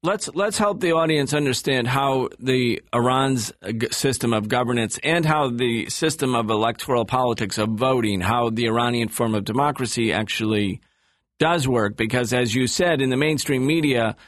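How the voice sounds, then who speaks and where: A man hosting a political radio talk show, asking questions in a measured, deliberate way. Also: medium pitch, no echo, studio quality.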